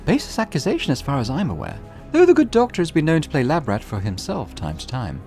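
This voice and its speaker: A man voicing a snobbish high-society gossip with catty, sneering asides, reading game dialogue aloud. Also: wildly swooping pitch, fast talker, darkish tone, soft background music.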